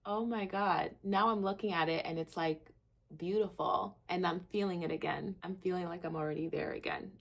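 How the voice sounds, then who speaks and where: A woman's voice: normal speed, vocal fry. A young woman hosting a gratitude vlog, talking candidly to camera and rambling with lots of "like.". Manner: candid, rambling, heavy use of "like"; laughs at herself, swings between low and excited. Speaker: vlog host.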